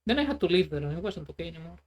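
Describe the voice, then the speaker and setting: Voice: mid-range voice, very animated, very fast, a little mellow, highs cut off. A streamer chatting casually while playing a trucking game, rambling and sarcastic, swearing freely. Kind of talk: casual gameplay chat.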